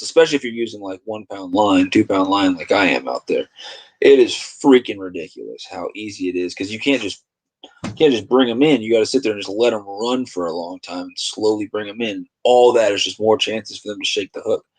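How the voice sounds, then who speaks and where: A man's voice: lowish voice, dry recording, rough recording. A man casually chatting over a video on his livestream, griping about his computer and laughing often. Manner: chatty, quick to gripe and laugh. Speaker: livestream host.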